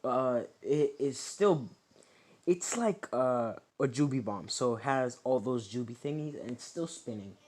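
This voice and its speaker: A man's voice: medium pitch, animated, measured pace, a little mellow. A young man makes up a fan story as he goes. He rambles, stumbles over fillers and corrects himself mid-sentence. The telling is loose and casual. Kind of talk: improvised fan story narration.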